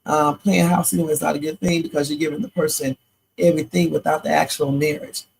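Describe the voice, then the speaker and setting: A woman's voice: sits low, fairly even intonation, brisk, creaky, a little mellow, slight background noise, poor audio. A tired woman hosting a live reaction stream, chatting and rambling with preachy asides. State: sleepy, tired. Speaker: livestream reaction host. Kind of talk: casual live reaction commentary.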